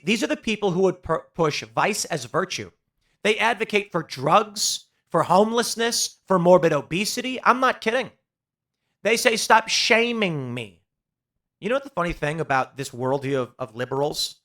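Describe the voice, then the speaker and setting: A man's voice: high-pitched, a bit bright. A man hosting a political commentary show, delivering a sarcastic opinion monologue that mocks quoted critics. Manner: sarcastic, mocking, with quoted voices.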